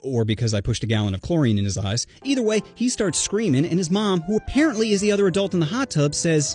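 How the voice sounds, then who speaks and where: A man rattles off a comedic first-person story at a quick clip, his voice lively and swinging up and down. He sounds brash and mocking, tossing in deadpan asides, with faint music under him. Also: fairly high pitch.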